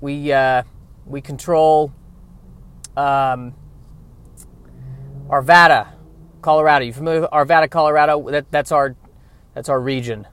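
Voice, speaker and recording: A man voicing a nervous wannabe mafia boss who stammers and blusters, loud and high. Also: fairly even intonation, a little slow, pauses often, smooth, no echo. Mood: flustered bravado.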